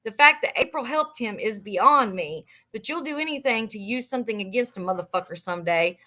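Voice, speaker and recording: A woman hosting a live book club, reading a memoir aloud in a casual, profane way and reacting loudly between passages. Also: on the high side, expressive, fairly quick.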